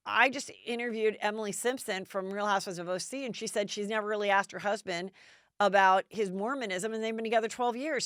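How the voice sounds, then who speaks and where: Chatty woman podcast host, smooth dry voice. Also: mid-range voice, no room sound. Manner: chatty, animated, acts out quotes in other voices. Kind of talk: casual gossip commentary.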